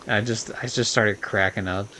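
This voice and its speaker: A man's voice: lowish voice, fairly even intonation, normal speed, pushed and bright, a little hiss or hum. A young man streaming a kart racing game, chatting casually in a rambling way, full of fillers and swearing. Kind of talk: casual gameplay commentary.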